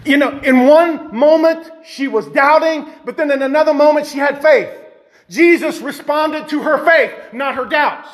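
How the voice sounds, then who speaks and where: A male preacher delivering a fervent sermon in a very high-pitched voice. He reads the text aloud and stops to explain it, and he rises to shouts of emphasis. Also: unhurried.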